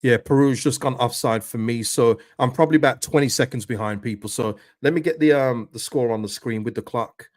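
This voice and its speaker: A man hosting a live football watchalong stream, reacting excitedly to the match and answering viewers' chat messages. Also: mid-range voice, a little fast, few pauses, dry recording, clean studio sound. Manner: excitable, pleading, chatty with viewers.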